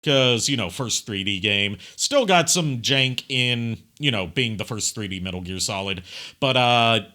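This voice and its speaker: Streamer guy, chatty and rambling, bright tone, very animated delivery. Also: mid-range voice, a little slow. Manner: chatty, rambling, full of fillers and asides. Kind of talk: casual gaming stream commentary.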